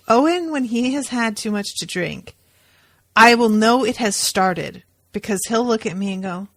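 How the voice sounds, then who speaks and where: A woman co-hosting a podcast, chatting casually and telling stories in an animated way with the odd swear word. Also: on the high side, moderate pace, dry recording. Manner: animated, profane storytelling. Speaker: podcast co-host.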